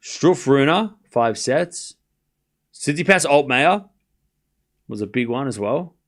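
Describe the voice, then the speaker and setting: A man's voice: medium pitch, animated, slow pace. A man in a mid-range voice hosts a live tennis watchalong. He chats loosely with his viewers, cracks self-deprecating jokes and calls out each point and score as it happens. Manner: chatty, jokey, calls scores while reading chat. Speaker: watchalong host.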